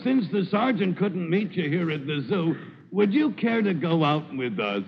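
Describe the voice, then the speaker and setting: A man's voice: sits high, very animated, normal speed, very noisy. A man playing a goofy young soldier sidekick, in 1940s radio comedy style. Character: goofy young soldier buddy named Harry. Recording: dull old radio recording in a hall.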